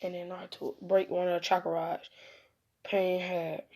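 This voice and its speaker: A woman's voice: on the low side, level tone, normal speed, a little mellow. Rambling casual fan-story teller, woman. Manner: rambling, self-correcting, slangy.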